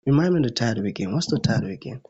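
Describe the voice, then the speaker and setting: A man hosting an interview, who affirms his guest and asks measured questions. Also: medium pitch, expressive, mellow, breathy edge. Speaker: host. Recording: muffled lo-fi audio.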